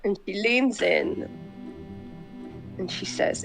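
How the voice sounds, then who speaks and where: A woman's voice: fairly high pitch, animated, unhurried, creaky, music in the background, rough recording. A woman player in a tabletop game, casually describing her character and laughing and swearing as she goes.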